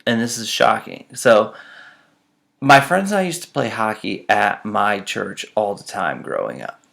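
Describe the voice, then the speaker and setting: A man's voice: fairly low pitch, expressive, unhurried, gravelly, fairly bright tone. A man telling self-mocking personal stories in a casual, dramatic way. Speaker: storyteller.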